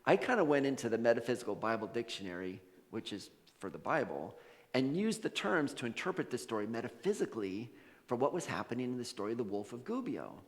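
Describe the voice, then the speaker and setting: A man's voice: medium pitch, very animated, fast talker. A man preaching a sermon, telling a story casually and acting out the characters' voices. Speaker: minister. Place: church sanctuary. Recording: long hall reverb.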